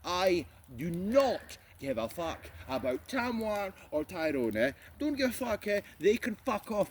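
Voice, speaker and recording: Animated sweary Scottish man. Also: high-pitched, a little slow, few pauses, a little hiss or hum. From Scotland. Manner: animated, sweary, mocking rant. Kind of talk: casual chat.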